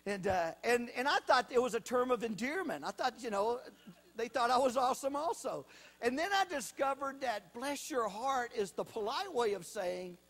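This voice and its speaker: A man's voice: extremely high pitch, lively intonation, moderate pace, fairly bright tone. A man telling folksy stand-up comedy stories, drawing out his punchlines.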